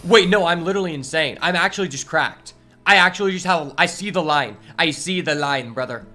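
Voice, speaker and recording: A man streaming a card game, commenting live in an excitable, exasperated way and swearing often. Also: fairly high pitch, brisk, faint music behind.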